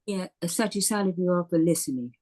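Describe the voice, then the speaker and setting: A woman with a lower-pitched voice that swings up and down with lively expression chats and jokes at an online open mic. She comes through a video call microphone. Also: fairly quick.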